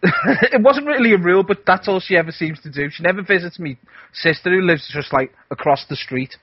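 A man's voice: high-pitched, fairly quick, slightly rough, no echo. A man in casual chat, tossing in wry, teasing quips. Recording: dull lo-fi recording.

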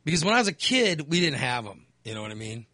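A man's voice: fairly high pitch, very animated, quick pace, bright, forceful tone, no echo. A man in his fifties, hosting and telling a candid, rambling story in casual chat. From Texas. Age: 50s. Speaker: host.

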